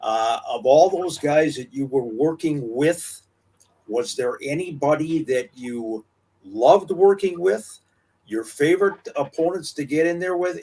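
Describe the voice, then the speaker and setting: A man's voice: a little high, darkish tone. Male podcast host, a bit off-mic. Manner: long, multi-part questions with ums and restarts. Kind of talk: interview questions. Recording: voice distant from the mic.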